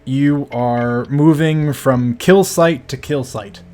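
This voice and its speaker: A man's voice: medium pitch, a little mellow. Man narrating a tabletop game with many fillers. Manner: measured, hesitant with many fillers. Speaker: game master.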